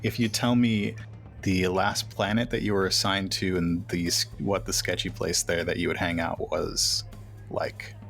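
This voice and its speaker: A man with a very low voice runs a tabletop game as game master. He narrates scenes in a loose, conversational way, and his voice has a gravelly fry. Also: unhurried, soft background music. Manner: relaxed, conversational.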